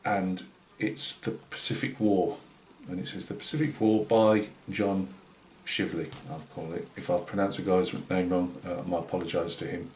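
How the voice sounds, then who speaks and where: Northeast English man, hobby channel host, chatty and halting, low voice, roomy echo. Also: fairly even intonation, a little mellow, slight background noise. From Britain. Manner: rambling and hesitant, many fillers and restarts. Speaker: scale-modelling channel host. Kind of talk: casual vlog chat. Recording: roomy echoey room.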